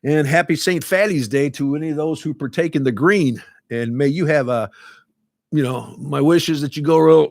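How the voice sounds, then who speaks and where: A man's voice: mid-range voice, creaky, a little mellow, no room sound, clean studio sound. A man who teaches a laughter club, talking earnestly and casually and repeating words as he goes. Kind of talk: casual talk to camera.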